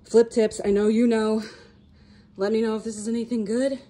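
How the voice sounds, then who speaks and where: A woman reselling returns, chatting excitedly to viewers as she unboxes, over-caffeinated and talking a mile a minute. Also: fairly high pitch, moderate pace, a little hiss or hum. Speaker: reseller vlogger. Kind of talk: casual unboxing vlog.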